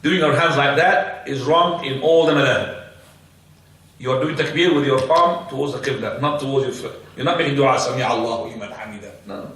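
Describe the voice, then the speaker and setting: A man teaching a religious lesson, asking his listeners questions and answering them himself in a lively way. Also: medium pitch. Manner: animated, rhetorical questions and quick answers. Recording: echoey room, mic far off.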